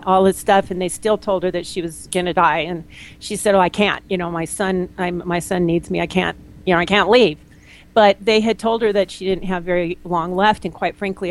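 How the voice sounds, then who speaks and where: Blunt, animated woman telling stories. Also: lowish voice, poor audio. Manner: blunt, animated storyteller, quotes people in lively voices. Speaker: naturopath guest. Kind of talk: candid interview conversation.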